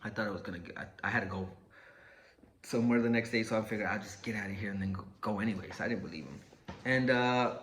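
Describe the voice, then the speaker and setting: A man's voice: lowish voice, quick pace, fairly bright tone, a little hiss or hum. A man telling a personal story casually, cursing often and acting out what people said. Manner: profane, laid-back, acts out quotes.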